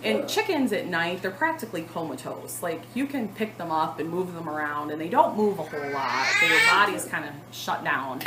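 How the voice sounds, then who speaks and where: A woman in her thirties telling a long story to the camera in a casual vlog, chatty and animated, with lots of fillers. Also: on the low side, normal speed, hardly any pauses, roomy sound, heavy background noise. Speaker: cross-stitch vlogger.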